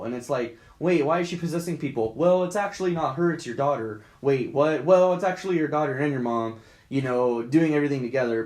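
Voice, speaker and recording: Young male co-host, fairly high voice, rambling and profane, echoey room. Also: darkish tone. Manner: rambling, profane, acts out quoted lines in a higher voice. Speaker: podcast co-host. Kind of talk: casual movie rant. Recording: echoey room with faint background noise.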